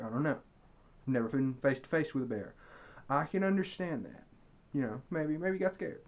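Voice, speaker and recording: A young man ranting to his camera, telling a story with profanity and sarcasm, and breaking into loud mock screams. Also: medium pitch. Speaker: vlogger. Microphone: camera mic.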